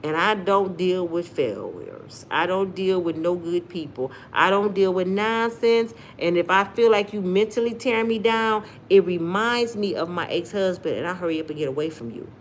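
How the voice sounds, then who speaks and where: Animated, sassy woman with a Black American accent. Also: on the low side, normal speed, few pauses, slight background noise. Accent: African American English. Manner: animated and sassy, addresses viewers directly. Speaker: commentary vlogger reading live chat. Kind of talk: live-stream commentary.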